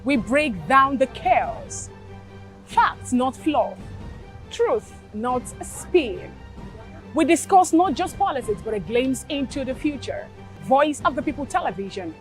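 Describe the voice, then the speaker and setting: High-voiced woman reading a news promo. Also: very animated, faint music behind. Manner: crisp, deliberate slogan delivery. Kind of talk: scripted news promo narration.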